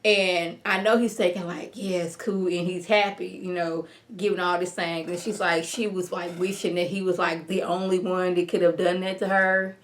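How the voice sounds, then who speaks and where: A woman vlogger casually recapping a TV episode, chatty and animated, acting out the characters' lines with lots of "like" fillers. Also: lowish voice, normal speed, hardly any pauses. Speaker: TV review vlogger.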